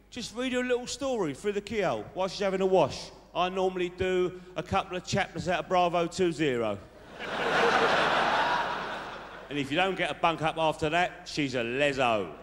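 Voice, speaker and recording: A man's voice: a little high, natural voice. A man doing a cocky South London lad. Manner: boastful, chummy, tag questions. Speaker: stand-up comedian in character. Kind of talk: live stand-up character monologue. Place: large theatre stage with audience. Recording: live hall reverb, faint noise.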